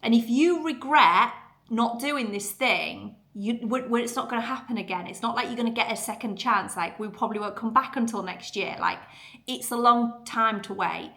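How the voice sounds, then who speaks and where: Bright-voiced chatty woman. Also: on the high side, moderate pace. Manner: chatty, earnest, lots of fillers. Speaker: podcast host. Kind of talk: casual motivational talk.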